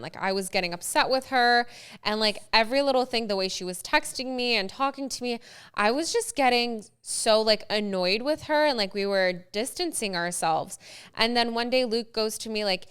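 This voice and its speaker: A young woman co-hosting a podcast, telling a story in a casual, animated way, acting out quotes and saying "like" a lot. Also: medium pitch, clear, resonant tone. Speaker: podcast co-host. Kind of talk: casual chat.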